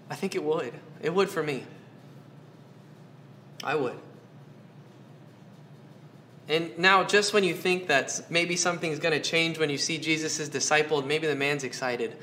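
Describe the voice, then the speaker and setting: A man's voice: a little high, sharp tone, a little hiss or hum. A man preaching a sermon, earnest, asking his listeners question after question and repeating phrases for emphasis. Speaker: pastor.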